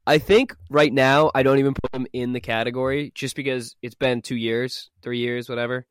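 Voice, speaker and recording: A man's voice: medium pitch, flat delivery, normal speed, smooth, dry recording. A young man co-hosting a casual sports podcast, joking and laughing often. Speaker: podcast co-host.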